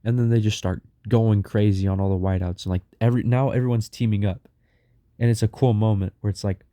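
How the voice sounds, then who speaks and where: Rambling low-voiced man telling a story. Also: fairly even intonation, a little fast, warm tone, no room sound. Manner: rambling, heavy on fillers. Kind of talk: casual storytelling.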